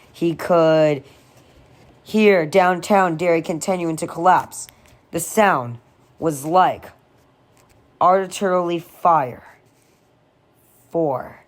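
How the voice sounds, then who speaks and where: A man narrating a horror novel aloud in a steady, dramatic reading. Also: fairly high pitch. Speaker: audiobook reader.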